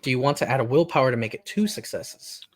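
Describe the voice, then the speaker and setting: Laid-back male game master narrating. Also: medium pitch. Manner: relaxed, halting narration with fillers and laughs. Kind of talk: casual tabletop game narration.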